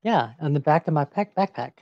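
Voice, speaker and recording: A player in a casual tabletop game, talking in a deadpan way. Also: mid-range voice, brisk, no echo, lo-fi sound. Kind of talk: casual tabletop role-play.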